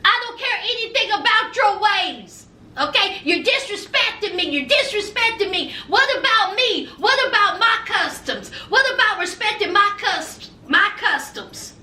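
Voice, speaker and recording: A woman's voice: extremely high pitch, animated, measured pace, sharp tone, echoey room, heavily acted. A woman acting out an indignant young woman who protests defiantly in a heated argument.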